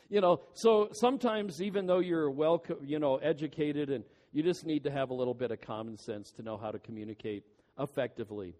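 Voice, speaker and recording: A man preaching a sermon as pastor, earnest and pleading, stretching out key words slowly for emphasis. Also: on the high side, a little mellow. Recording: long hall reverb.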